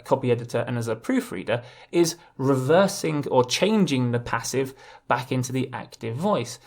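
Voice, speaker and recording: A man teaching a legal English writing lesson, explaining clearly and restarting words now and then. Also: medium pitch, darkish tone. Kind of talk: video lesson.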